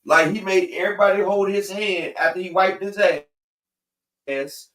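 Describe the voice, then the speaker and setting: A man's voice: high-pitched, moderate pace, pushed and bright. A man chiming in on a casual livestream with crude, rowdy joking and swearing. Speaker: co-host chiming in. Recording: distant, roomy mic.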